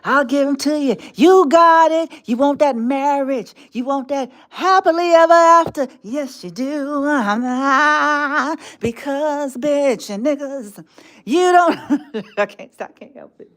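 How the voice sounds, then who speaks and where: High-voiced woman taunting slowly. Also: a bit bright. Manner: mocking, drawling, with laughs and whispered asides. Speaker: spiritual live-streamer. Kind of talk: taunting monologue in the voice of a tempter.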